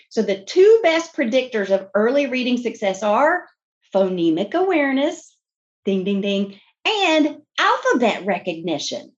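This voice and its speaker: A woman who works as a speech-language pathologist, explaining to fellow clinicians in a teacherly, animated way and stressing key words. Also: on the high side, dull audio. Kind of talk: podcast interview explanation.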